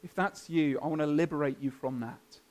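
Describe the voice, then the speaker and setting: A man preaching a sermon, earnest and emphatic, building up and then softening to a quiet close. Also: a little high, moderate pace. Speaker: pastor.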